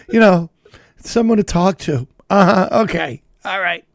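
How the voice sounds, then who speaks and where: A man's voice: sits high, slow pace, vocal fry, no room sound, studio quality. A man co-hosting a comedy talk show, telling stories in a laughing, casual way. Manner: laughing storyteller. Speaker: podcast co-host.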